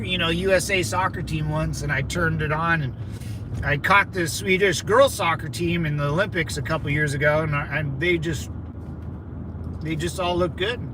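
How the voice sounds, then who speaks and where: Guy rambling on a car livestream, kinda high voice, loud road noise behind him. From California. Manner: rambling, excitable, many fillers and restarts. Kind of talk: rambling livestream chat, reading viewer comments. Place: in a moving vehicle in a city.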